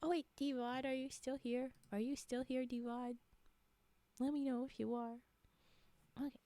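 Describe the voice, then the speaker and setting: A woman hosting a livestream in casual chat, giggling often and rambling, with frequent drops into a breathy whisper. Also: high-pitched, flat delivery, a little slow, dark tone, no echo. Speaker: livestream host.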